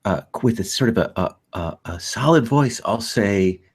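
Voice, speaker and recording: A male player describes his character's moves with a lot of stammering and restarts. His pitch rises and falls in a lively way, and his tone is playful. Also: normal speed, breathy edge. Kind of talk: role-playing a character at a tabletop game.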